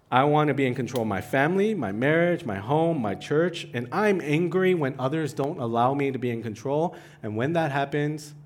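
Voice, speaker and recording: With a mid-range voice, a young adult man preaches as a pastor, animated and rising in pitch to stress his points. Self-deprecating asides run through the sermon.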